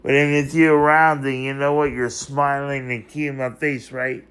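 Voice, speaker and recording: A man's voice: mid-range voice, flat delivery, normal speed, fairly bright tone, clear, resonant tone. A man in an unscripted vlog monologue, rambling and emotional as he confronts someone who is not there, circling back to the same phrases again and again.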